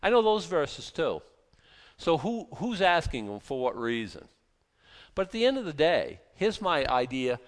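A man's voice: on the high side, big pitch swings, unhurried. A man leading a conversational Bible study, earnest and repeating himself, with frequent fillers and restarts. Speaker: Bible teacher. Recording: long reverb, hall.

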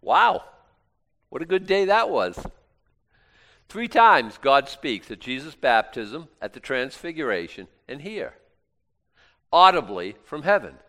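A man preaching a sermon in a conversational way, swinging from loud exclamations to quiet asides and often restarting his words. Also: on the high side, sing-song, slow, pauses often.

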